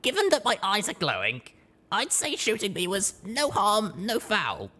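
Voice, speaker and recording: A woman's voice: mid-range voice, wildly swooping pitch, normal speed, pushed and bright, breathy edge, full character voice. A woman voicing a tough, blunt young mare who speaks with dry sarcasm in an audiobook. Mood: wry. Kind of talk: audiobook character voice.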